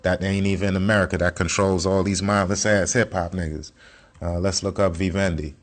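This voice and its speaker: A man's voice: low voice, flat delivery, fairly quick. A man teaching casually, in a blunt and slangy way with plenty of swearing, repeating his points as he walks through a screen share. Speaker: self-taught investing teacher.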